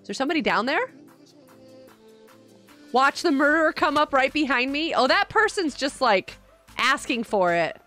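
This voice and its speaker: Chatty high-voiced woman streaming a game. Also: sing-song, normal speed, long pauses, sharp tone, faint music behind. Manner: chatty, giggly, reads and answers chat. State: tired. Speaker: live streamer. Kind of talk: casual gaming live stream chat.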